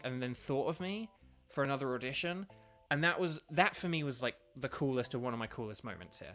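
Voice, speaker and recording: Bright, rambling English man streaming games. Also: medium pitch. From England. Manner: rambling, polite, self-deprecating, many fillers. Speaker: streamer and voice actor. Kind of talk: casual gaming stream chat. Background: faint game music.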